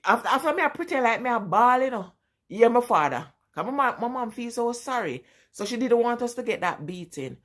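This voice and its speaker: A woman's voice: on the high side, sing-song, fairly quick. A middle-aged woman with a Jamaican accent telling family stories in a casual vlog, often breaking into laughter. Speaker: vlogger. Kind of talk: casual storytelling.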